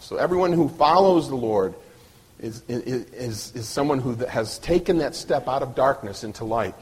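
A man's voice: medium pitch, expressive, moderate pace, darkish tone, husky. A man preaching a sermon at a church service, earnest, often restarting and repeating his words.

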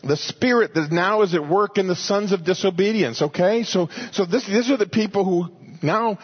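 A man preaching a sermon, teaching earnestly and rising to emphatic exhortation, with a husky voice. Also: high voice, moderate pace, lo-fi sound.

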